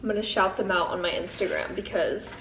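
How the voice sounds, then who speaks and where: A woman's voice: medium pitch, fairly quick, gravelly, a bit bright. Chatty young woman vlogging, echoey and noisy. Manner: chatty, giggly, talks to viewers as friends. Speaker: lifestyle vlogger. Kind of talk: casual vlog chat to camera. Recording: echoey, off-mic, noisy background.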